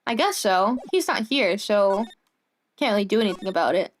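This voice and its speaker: Giggly young woman streamer, lively pitch. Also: moderate pace. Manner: giggly, animated, self-mocking. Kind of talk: casual gameplay commentary.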